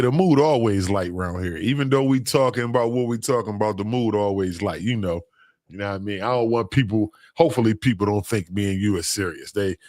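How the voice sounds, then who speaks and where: Male streamer; low, dry voice; chats laid-back with viewers, teasing and laughing. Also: dry recording. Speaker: livestream host. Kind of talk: casual livestream chat, reading comments aloud.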